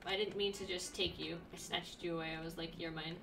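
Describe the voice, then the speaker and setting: A young woman streaming a video game, chatting excitedly to herself and breaking into sudden squeals. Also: lowish voice, quick pace, gravelly, distant mic, background noise. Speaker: let's play streamer. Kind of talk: casual gameplay commentary.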